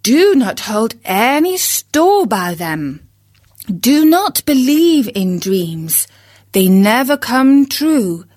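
Storybook hen: practical, bossy wife, slow and calming, read by a woman. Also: on the high side, full character voice. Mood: soothing. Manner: dismissive, soothing.

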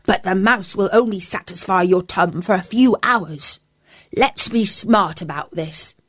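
A woman's voice: medium pitch, a little slow, a bit bright, slightly rough. Woman doing a scruffy, hearty old mutt. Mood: coaxing.

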